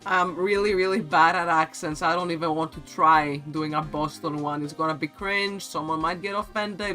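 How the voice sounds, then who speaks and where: A man's voice: fairly high pitch, pushed and bright. A man streaming a game and chatting casually with his viewers in a playful, giggly way.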